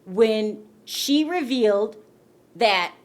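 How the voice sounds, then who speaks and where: A woman's voice: on the high side, animated, drawn-out words. Chatty gossiping woman vlogger from California. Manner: chatty, emphatic repetition, keeps asking "okay?". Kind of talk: casual celebrity gossip chat to camera.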